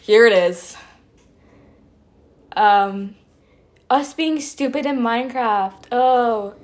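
A hoarse woman hosting a podcast, reading her old stories aloud with giggly, self-mocking asides. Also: on the high side, drawn-out words. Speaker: podcast host.

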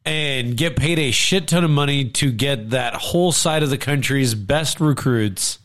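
A man of middle pitch chatting loosely about college football, full of swearing and acted-out quotes. He sounds loose and worked up. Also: measured pace. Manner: animated, swears freely, acts out quotes. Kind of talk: casual sports chat.

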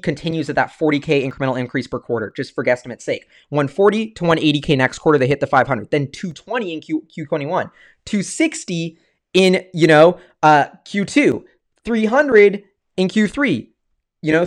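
An excitable man hosts a loose livestream, talking in a rambling way and often stopping to restart his sentences. His voice sits a little higher than most men's. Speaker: stock-market video host. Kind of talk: casual livestream commentary.

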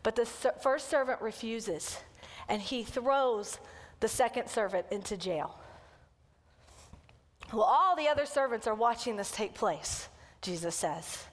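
A woman kids' pastor preaching a sermon as a lively storyteller who acts out the quotes. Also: a little high, measured pace, long pauses, long reverb tail.

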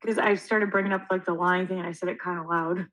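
Young woman, podcast co-host, casual storytelling, animated, swears, acts out what people said. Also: fairly low pitch, fast, rough recording.

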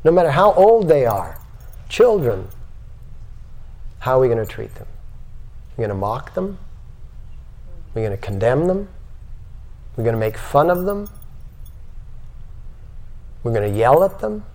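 A man's voice: mid-range voice, very animated, measured pace, pauses often, a little mellow. A man giving a spiritual lecture to a live audience, asking many rhetorical questions.

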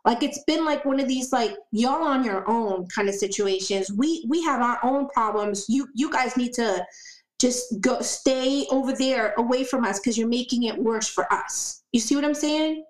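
A woman's voice: on the high side, moderate pace, roomy sound, rough recording. A woman talking as a podcast guest in a casual conversation, emphatic and repeating words for stress.

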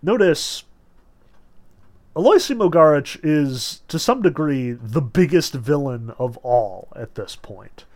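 Guy walking through a novel out loud, blunt casual asides, gets loud when quoting characters. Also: a little high, slow pace. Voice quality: animated, swings into raised voices when quoting characters. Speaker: literature lecturer. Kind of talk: reading aloud and commenting on a novel.

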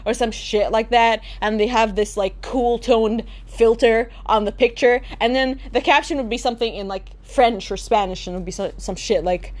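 A woman's voice: on the high side, normal speed, hardly any pauses. A young woman ranting in a comedic vlog, exasperated and sarcastic, swearing freely. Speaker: vlogger. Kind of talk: comedic rant.

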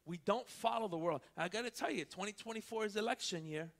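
High, bright-voiced male preacher. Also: gravelly. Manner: swings from quiet asides to loud preaching; tells stories with quick back-and-forth dialogue. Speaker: pastor. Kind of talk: sermon.

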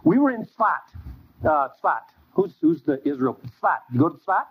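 A man teaching a Bible class, telling stories in an animated way and acting out bits of dialogue. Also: fairly high pitch, unhurried, a little hiss or hum. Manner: animated storytelling with quoted dialogue. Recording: dull lo-fi recording.

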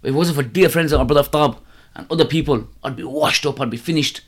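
A man's voice: a little high, fast, husky. A man, a guest on a casual podcast, talking in street slang and breaking into laughter as he tells stories. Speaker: interview guest, hijama practitioner.

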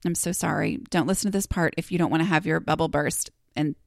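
A woman's voice: deep voice, lively intonation, fast talker, creaky, dry recording, clean studio sound. Chatty self-deprecating woman podcast host. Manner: chatty and self-deprecating, many ums and asides. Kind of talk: casual confessional monologue.

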